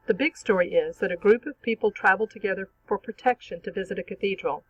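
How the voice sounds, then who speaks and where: A teacher reads a scripted literature lesson in a clear, measured, explanatory way. The voice sits at a middle pitch. The recording is dry and slightly dull. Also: no room sound.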